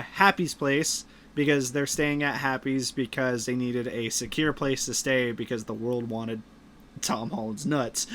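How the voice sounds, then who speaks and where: A podcast host chats casually about a movie, retelling its plot with lots of fillers and restarts. His voice is fairly high and fairly bright.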